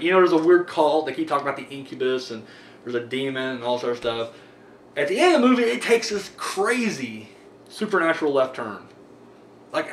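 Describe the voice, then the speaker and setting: A man's voice: fairly high pitch, fairly bright tone. Rambling profane man reviewing horror films. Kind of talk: casual solo movie review. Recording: echoey room with faint hum.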